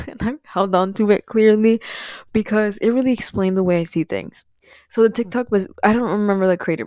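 A woman whose first language is Spanish, chatting casually to her viewers in an animated way, with frequent laughs and fillers. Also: on the low side, clean tone, no echo, clean studio sound. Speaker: vlogger. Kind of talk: casual chat to camera.

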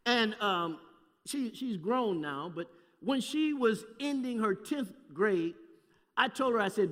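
A man telling a folksy, animated sermon story to a live audience, calling out to people by name. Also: high voice, takes it slowly. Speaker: guest preacher. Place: large hall with live audience. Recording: distant echoey hall recording.

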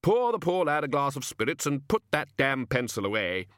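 A man's voice: medium pitch, big pitch swings, moderate pace, fairly bright tone, smooth, dry recording, clean studio sound, voice pushed up. A man voicing a bluff, bellowing older male head wizard who talks brusquely. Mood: gruff.

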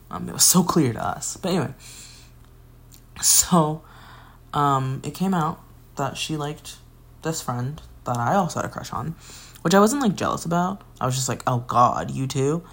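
Low creaky woman in a rambling monologue. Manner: candid and expressive, with laughs, sighs and cursing. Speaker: podcast host. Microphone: phone.

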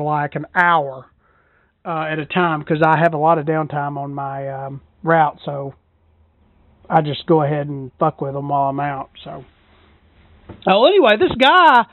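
A woman's voice: fairly low pitch, dry recording. Woman podcast host, casual and profane, recorded from a truck cab, dry tinny phone-like audio. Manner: rambling, profane, self-deprecating. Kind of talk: casual solo podcast chat. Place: parked truck in a parking lot.

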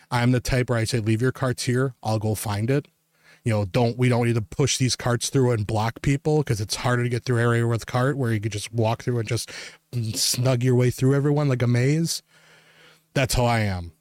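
A man on a podcast rants his way through a story, full of swearing and loose fillers like "like" and "you know." His voice sits at an ordinary pitch for a man. The close mic is dry, with almost no room sound. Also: darkish tone, no echo. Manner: profane, emphatic, rambling with many fillers. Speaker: podcast co-host. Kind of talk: ranting anecdote to co-hosts.

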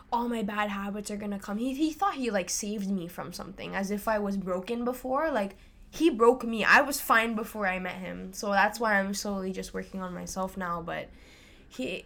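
A young woman hosting a podcast, telling a personal story in a candid, chatty way full of fillers. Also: mid-range voice. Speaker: podcast host. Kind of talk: casual chat.

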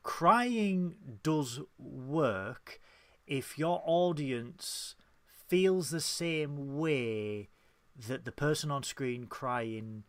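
A man co-hosting a casual fan podcast, talking with lively, mock-dramatic emphasis. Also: a little high, extremely slow, dry recording. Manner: animated, mock-dramatic when ranting. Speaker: podcast co-host. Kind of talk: casual chat.

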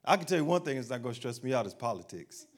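Conversational preacher with a lively delivery. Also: male voice, medium pitch, rapid-fire. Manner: conversational preacher, asking the crowd questions and acting out everyday voices. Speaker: pastor. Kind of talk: sermon.

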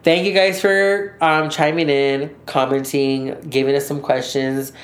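A man's voice: a little high, level tone, a little slow. A man co-hosting a podcast in a casual chat, blunt and swearing freely, often acting out what others said. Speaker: podcast co-host. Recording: roomy echo.

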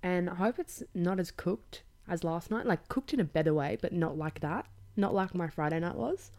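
A woman's voice: fairly low pitch, moderate pace, darkish tone. A young Australian woman hosting a podcast, telling a night-out story in blunt, sweary casual chat with laughing asides. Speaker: podcast host.

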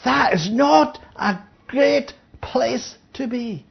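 A woman Bible teacher gives a conversational sermon, reading scripture aloud and then explaining it while often checking in with listeners by asking "Yeah?" Her fairly high voice draws out words, with vocal fry and a breathy edge, and the audio is dull.

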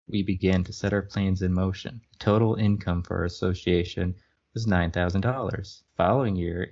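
Deep gravelly man reading wryly. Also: darkish tone. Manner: wry, laughs at the text. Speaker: podcast co-host. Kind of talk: casual chat and reading aloud. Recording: muffled lo-fi recording.

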